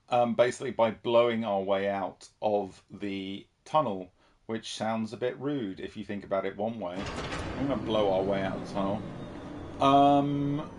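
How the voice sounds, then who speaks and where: A man's voice: mid-range voice, a little hiss or hum. A man from the United Kingdom chatting casually while streaming a horror game and reading viewer messages. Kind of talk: casual livestream commentary.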